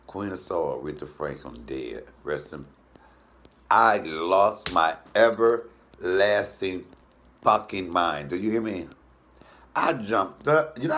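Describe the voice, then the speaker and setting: A man who hosts a comedy cooking show, telling a story in a loose, animated way. He swears freely and jumps up into a high falsetto when he quotes people.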